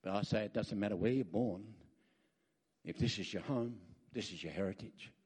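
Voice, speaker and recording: With a lowish, slightly rough and a little mellow voice at a moderate pace, this Australian guest preacher speaks emphatically to a church. He spins folksy stories, drifts into rambling asides, and calls for amens from the crowd.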